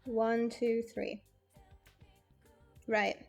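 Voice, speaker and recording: A young woman streamer with a slight lisp talks her way through a casual storytime, rambling and cursing freely. Her voice sits on the higher side and she takes her time getting her words out. A little music plays quietly underneath. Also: flat delivery, extremely slow, vocal fry. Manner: chatty and rambling, swears freely.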